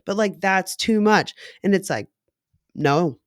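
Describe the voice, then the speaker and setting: A woman's voice: mid-range voice, normal speed, dry recording, studio quality. A woman in her thirties telling a personal story candidly, swearing freely and filling her talk with "like" and "you know". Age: 30s. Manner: frank and profane, filler-heavy with lots of "like".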